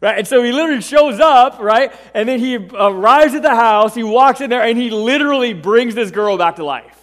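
A man preaching a sermon, telling a story in a lively way, acting out the quotes and often asking "right?". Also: extremely high pitch, brisk. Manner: animated storytelling, acts out quotes, frequent "right?". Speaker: pastor. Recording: long reverb of a large hall.

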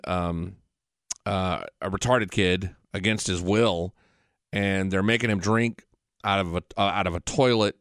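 A man's voice: low-pitched, a bit bright, clean tone, dry recording, clean studio sound. A man hosting a podcast in a casual, blunt and profane way, rambling and restarting his sentences. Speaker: podcast host. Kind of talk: casual chat.

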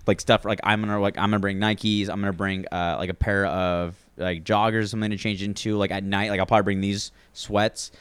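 A young man who works as a bartender, telling stories in casual chat, full of filler words and animated quoting. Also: lowish voice, brisk, few pauses, clean tone, no room sound. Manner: animated storyteller, lots of filler likes.

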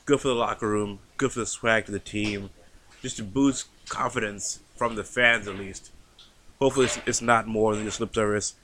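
A man's voice: fairly low pitch, fairly even intonation, normal speed, fairly bright tone, slight background noise. A man co-hosting a casual podcast, joking and swearing as he teases his friend. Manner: joking, profane, teasing. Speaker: podcast co-host. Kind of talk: casual banter.

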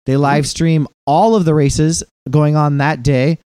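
Rambling, profane man with a mellow voice. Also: on the high side, fairly even intonation, measured pace, clean tone, no room sound, clean studio sound. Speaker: podcast co-host. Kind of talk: casual chat.

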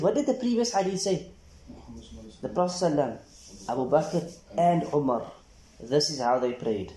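A man teaching a hadith class, reading Arabic text quickly, translating it, and asking the class rhetorical questions. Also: high voice, warm tone. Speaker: Islamic studies teacher. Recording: echoey room.

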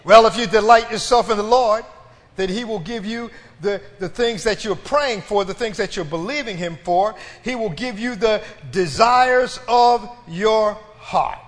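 Man, very high voice, sermon, emphatic drawn-out phrases, long church reverb. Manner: emphatic, drawn-out phrases, calls for congregation response. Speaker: preacher.

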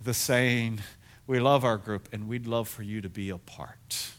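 A middle-aged man preaching a sermon as pastor, telling stories in an animated, self-deprecating way. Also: lowish voice, unhurried.

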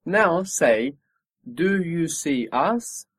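A man's voice: on the high side, animated, drawn-out words, a bit bright, husky, no room sound. A man teaching a spoken language lesson, patiently modelling pronunciation and encouraging his student.

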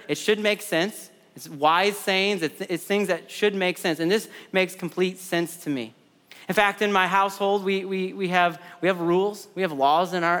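A man's voice: high voice, fairly bright tone, clean tone, big-room sound. A man in his thirties preaching a sermon in a conversational way, repeating words and adding side stories. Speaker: pastor.

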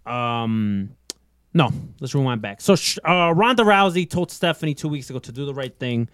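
A man hosting a casual wrestling talk show, animated and rambling, laughing often. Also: mid-range voice, normal speed, clear, resonant tone, no echo, clean studio sound. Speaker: podcast host.

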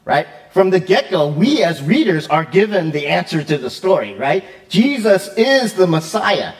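A man preaching in a relaxed, talkative way, his voice sitting a little higher than most men's. He keeps checking in with his listeners, stumbles and restarts, and slips in plenty of fillers as he goes. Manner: lively, chatty, often checks in with "right?"; quick, with fillers and self-corrections. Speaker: pastor. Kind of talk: conversational sermon.

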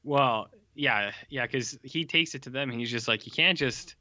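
Podcast co-host, male, bright tense voice, dry humor, dull close-miked sound. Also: mid-range voice, moderate pace, dry recording. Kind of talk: casual chat. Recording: dry, muffled lo-fi mic.

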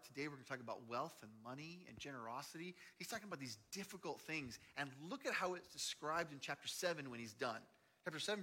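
Lively bright-voiced pastor in a reverberant church. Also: male voice, a little high. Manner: animated storytelling, swinging from loud to hushed. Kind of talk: sermon. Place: large church auditorium. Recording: long hall reverb.

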